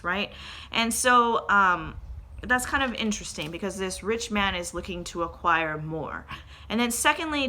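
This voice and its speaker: A woman's voice: lowish voice, bright, forceful tone, a little hiss or hum. A young woman giving an earnest, conversational church devotional, reading scripture and asking rhetorical questions.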